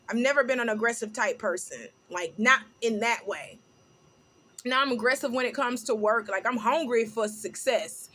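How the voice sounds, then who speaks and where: A middle-aged woman hosting a casual commentary vlog, talking loudly and animatedly, laughing often. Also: fairly high pitch. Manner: loud, laughing, animated storytelling with sung snippets. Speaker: host.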